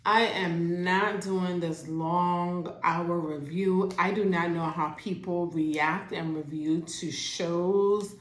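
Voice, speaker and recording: A woman at home giving a casual, animated recap of a TV show, acting out the characters' lines as she goes. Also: fairly low pitch, takes it slowly, few pauses. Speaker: TV show reviewer. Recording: roomy echo.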